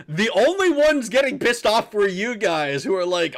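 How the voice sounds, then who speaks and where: A man's voice: high voice, big pitch swings, fairly quick, hardly any pauses. A man streaming a game, chatting casually with his viewers, reading out chat, laughing and swearing, with frequent restarts.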